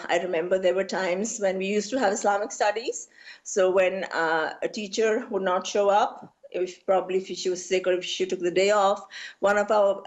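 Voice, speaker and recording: Chatty Pakistani woman in her forties. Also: mid-range voice. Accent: Pakistani English. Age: 40s. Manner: chatty, rambling, heavy on "you know" and "like" fillers. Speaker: interview guest, beauty influencer. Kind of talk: casual interview talk.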